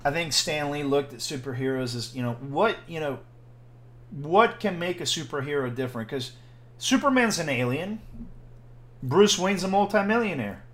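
A man's voice: fairly high pitch, expressive, normal speed. A man co-hosting a casual podcast chat, rambling and restarting his sentences. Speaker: podcast co-host.

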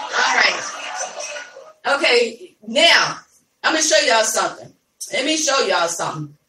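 Calling her listeners y'all, an Ohio woman hosting a live podcast chats casually and laughs readily. Her fairly high voice has a bright, forceful tone, and it carries from a distance in an echoey room.

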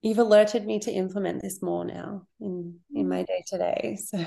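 A woman's voice: medium pitch, steady tone, normal speed, vocal fry, dark tone. A woman guest on a podcast, talking openly and reflectively in a casual chat, with small laughs and trailing phrases. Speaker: podcast guest, creative business owner.

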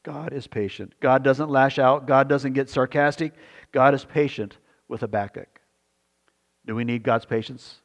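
A man's voice: mid-range voice, fairly even intonation, unhurried, long reverb tail. A male pastor preaching a sermon, earnest and repetitive, often putting questions to the congregation.

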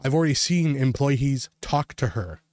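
A man on a podcast rants his way through a story, full of swearing and loose fillers like "like" and "you know." His voice sits at an ordinary pitch for a man. The close mic is dry, with almost no room sound. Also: lively intonation, moderate pace, darkish tone, no room sound. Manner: profane, emphatic, rambling with many fillers. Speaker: podcast co-host. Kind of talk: ranting anecdote to co-hosts.

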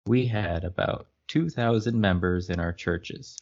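A man with a very low, gravelly voice co-hosts a casual podcast, reading passages aloud and breaking off to poke fun at them. The recording sounds a little muffled and lo-fi. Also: unhurried, a little mellow. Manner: wry, laughs at the text. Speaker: podcast co-host.

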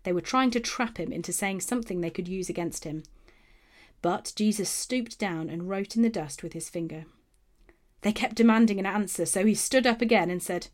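A woman narrating a Bible passage in a steady, clear storytelling manner, letting phrase ends fall. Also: mid-range voice, moderate pace.

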